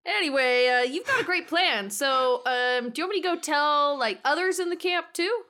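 A woman's voice: medium pitch, animated, unhurried, sharp tone, clear, resonant tone. A woman voicing an imaginative, upbeat young woman who rambles with playful jokes.

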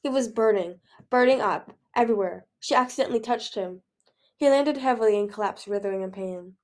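A woman reading a fantasy novel aloud in an earnest, expressive way. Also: mid-range voice, a little fast. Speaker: audiobook reader. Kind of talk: storybook read-aloud.

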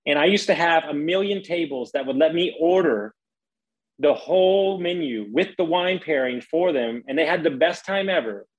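A man's voice: on the high side, expressive, moderate pace, husky, highs cut off. A man hosting a podcast, telling stories in a laid-back way and swearing casually.

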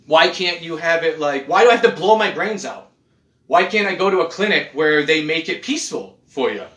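A man chatting casually as a podcast host, animated and profane, often restarting his sentences. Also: fairly high pitch, a little fast. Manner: animated, swearing, restarts a lot. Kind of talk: casual chat. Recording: echoey room.

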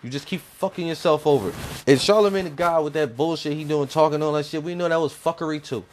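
A man's voice: fairly high pitch, quick pace, a little hiss or hum. A man delivering a heated, profane opinion rant as a commentator, blunt and swearing constantly.

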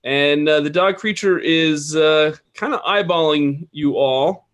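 A man narrating as game master of a tabletop game, halting, with many fillers and restarts. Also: fairly high pitch, fairly bright tone.

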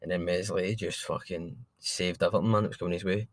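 A man's voice: sits low, steady tone, brisk, no room sound. A man co-hosting a football podcast, talking bluntly with lots of swearing. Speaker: podcast co-host. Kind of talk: casual football chat.

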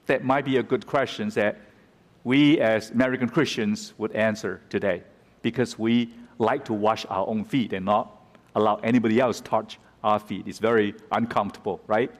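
A man's voice: lowish voice, steady tone, normal speed. A man preaching a sermon who explains scripture and turns dramatic when he quotes it. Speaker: pastor. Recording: reverberant hall.

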